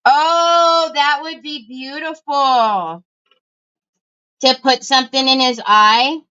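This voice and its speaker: High, bright-voiced woman crafting live. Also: steady tone, slow, dull audio. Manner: chatty, breaks off to call to family. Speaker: craft livestream host. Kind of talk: casual crafting livestream chat.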